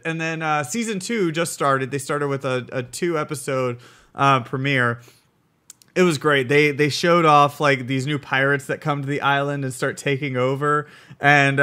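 A young man chats casually about TV shows as a co-host. His voice is bright and forceful and sits a little high. He talks in an animated way and acts out scenes with lots of laughter. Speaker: co-host of a TV review show. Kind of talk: casual chat.

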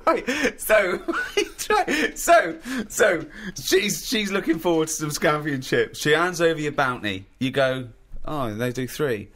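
A man's voice: on the high side, very animated, slow pace, few pauses, fairly bright tone. A man hosting a podcast, teasing his guest with prodding questions and laughing often. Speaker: podcast host. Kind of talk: casual podcast chat.

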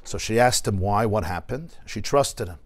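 A man, a rabbi giving a Torah class in a study hall, who tells stories with lively shifts and sprinkles in Yiddish and Hebrew terms. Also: on the low side, moderate pace. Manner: animated storyteller mixing in Yiddish and Hebrew terms.

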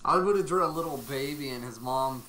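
A woman's voice: a bass voice, a little fast. A woman co-player chatting casually during a game, telling crude jokes and stories. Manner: crude joking, laughing storyteller. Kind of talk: casual gameplay chat. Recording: roomy, distant and noisy.

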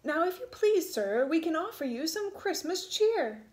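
A woman's voice: very high voice, big pitch swings, unhurried, darkish tone, roomy sound, pitched above the performer's own voice, full character voice. A woman reading aloud, voicing a polite, eager young boy in a storybook. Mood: pleading, polite. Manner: polite, pleading.

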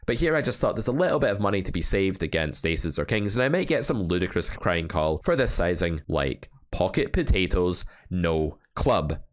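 A man from England with a deep, low voice talks through his poker hands like a coach. His delivery is wry and animated, with frequent joking asides between the strategy points. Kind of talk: hand review commentary.

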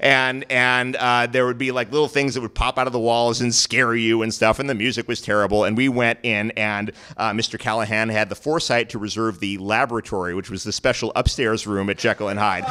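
A man from New York City telling a comic story on stage, animated and self-mocking, swearing freely. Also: medium pitch, clear, resonant tone. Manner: animated, profane, self-mocking, acts out quoted voices. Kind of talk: live comedic storytelling. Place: stage at a live storytelling show.

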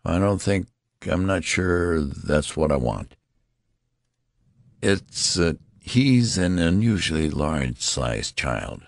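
A man's voice: sits low, sing-song, slow, gravelly, no echo, studio quality, exaggerated voice. A man playing a nervous, stammering father. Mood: flustered. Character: flustered, ashamed new father, middle-aged man.

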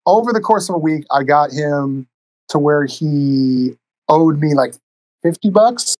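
A man's voice: a little high, lively intonation, measured pace, darkish tone, no echo, low-quality recording. Profane, laid-back male podcast guest. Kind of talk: casual storytelling. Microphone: cheap USB microphone.

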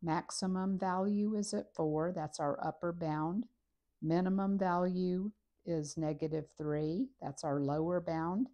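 A woman's voice: lowish voice, a little slow. A woman teaching a recorded math lesson, talking methodically through each step while she works on a graph. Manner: steady, methodical, talks through steps while writing.

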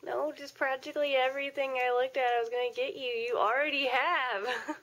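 A woman's voice: sits high, fairly even intonation, a little fast, fairly bright tone. A young woman chatting playfully in a casual home vlog, teasing and giggling. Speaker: vlogger.

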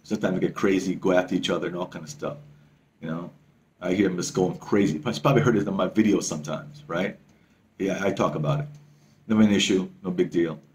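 A male travel vlogger telling a story to camera in a casual, excitable way, swearing freely and repeating himself. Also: sits low, fast.

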